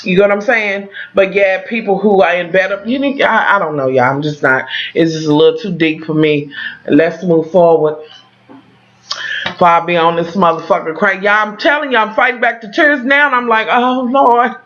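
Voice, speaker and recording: Loud, profane woman vlogger recapping TV. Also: fairly low pitch, moderate pace, lo-fi sound. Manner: profane, dramatic, talks straight to viewers. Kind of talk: animated casual recap.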